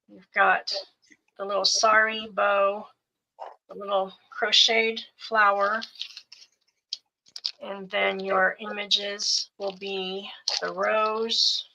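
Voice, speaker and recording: A middle-aged woman slowly showing off craft supply bundles piece by piece on a live sales show. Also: mid-range voice, vocal fry, bright, forceful tone, low-quality recording. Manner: unhurried, listing items one by one.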